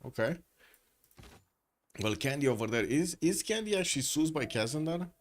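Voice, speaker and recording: A man's voice: fairly high pitch, lively intonation, moderate pace, slight background noise. A man giving live, chatty commentary on a strategy game match who often stops to ask his viewers questions. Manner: chatty, asks chat questions, frequent filler words. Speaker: esports caster.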